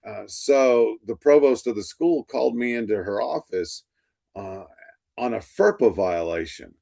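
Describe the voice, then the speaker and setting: A man's voice: medium pitch, lively intonation, measured pace, creaky, mellow. A middle-aged male instructor lecturing to a class, telling stories and acting out the dialogue. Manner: storytelling, acts out quoted dialogue.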